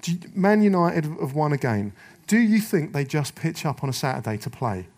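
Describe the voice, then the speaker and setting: A middle-aged man preaching a rallying sermon to men, forceful and urgent, slipping into little voices to act out excuses. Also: fairly high pitch, very animated, moderate pace.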